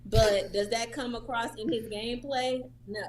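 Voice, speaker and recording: A woman co-hosting a sports talk show, firm and persistent as she argues her side. Her voice sits a little high. Faint music plays behind her. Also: steady tone, moderate pace. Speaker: co-host. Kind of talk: casual sports debate.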